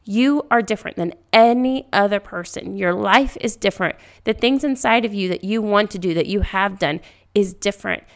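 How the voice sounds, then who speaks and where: A woman hosting a faith-based podcast, talking gently and reassuringly, repeating her key phrases. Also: mid-range voice, moderate pace, vocal fry. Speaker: podcast host. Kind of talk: faith-based encouragement talk.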